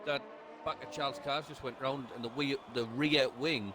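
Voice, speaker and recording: A man's voice: mid-range voice, steady tone, moderate pace, noisy background. A man co-commentating a sim race on a live stream, bantering and joking, a bit sweary. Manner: banter, jokey, slightly sweary.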